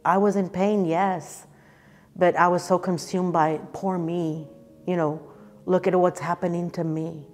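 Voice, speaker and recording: A woman's voice: fairly low pitch, level tone, a little slow, a little mellow, big-room sound. Earnest woman giving a testimony. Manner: earnest and emotional, repeating phrases for emphasis. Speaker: church speaker sharing her testimony. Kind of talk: personal testimony.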